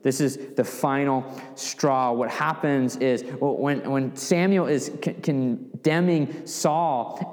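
A man teaching from scripture in a relaxed, chatty way, often pausing to ask "right?" His voice sits a little high for a man. Long reverb trails each phrase, as in a large hall. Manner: conversational, with frequent "right?" asides and restarts. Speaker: Bible teacher. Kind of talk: Bible teaching.

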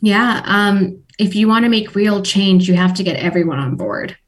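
A woman who coordinates diversity work in engineering, speaking as a guest in an earnest way with many pauses and fillers. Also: mid-range voice, lively intonation, distant mic. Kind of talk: interview answer.

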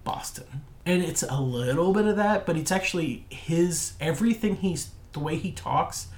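A man's voice: on the high side, lively intonation, moderate pace, darkish tone. Man explaining in an echoey room. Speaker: podcast co-host. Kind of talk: casual chat. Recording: roomy echo.

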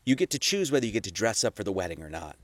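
A man's voice: fairly low pitch, very animated, racing, dry recording. A man giving a casual, conversational sermon, full of rhetorical questions and profane asides. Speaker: preacher.

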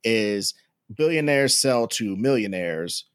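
A man chatting on a podcast in a loose, rambling way, full of profanity and easy laughter. He sits at middle pitch. The sound is close and dry, with no room around it. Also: lively intonation, slow, clear, resonant tone, dry recording. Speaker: podcast co-host. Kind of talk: casual chat.

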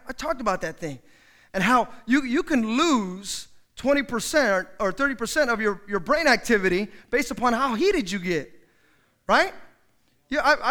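A man preaching a sermon as pastor, lively and acting out quoted people with loud outbursts. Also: very high voice.

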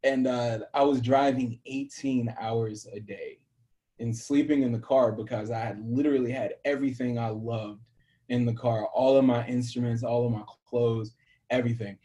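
Young southern guy telling a story, acts out all the dialogue, laughs a lot, middle pitch. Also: steady tone, normal speed, warm tone. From American South. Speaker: musician guest. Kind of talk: storytelling interview.

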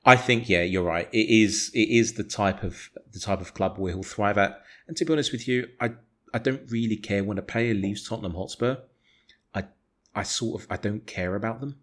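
A man's voice: fairly low pitch, moderate pace, a bit bright. A man co-hosting a football podcast, talking with passion, arguing his point hard and swearing freely. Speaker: podcast co-host. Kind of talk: casual football podcast chat.

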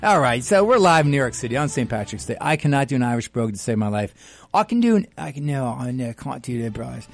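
A man's voice: medium pitch, fast talker, vocal fry, faint music behind. A man hosting a live radio talk show, chatty and jokey, reading a piece aloud and interviewing a guest. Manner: chatty, jokey, animated asides.

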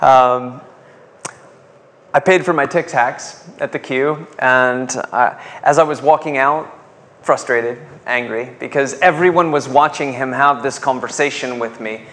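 A man's voice: mid-range voice, measured pace, fairly bright tone. A male pastor preaching a sermon, asking rhetorical questions and calling on the congregation to respond.

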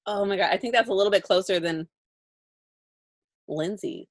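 A woman's voice: mid-range voice, moderate pace. A young woman co-hosting a podcast, chatty and playful, giggling between remarks. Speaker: podcast co-host. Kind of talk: casual chat.

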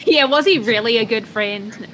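A woman playing a tabletop game in a casual, animated and teasing way. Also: fairly high pitch, moderate pace, a little hiss or hum. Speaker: player.

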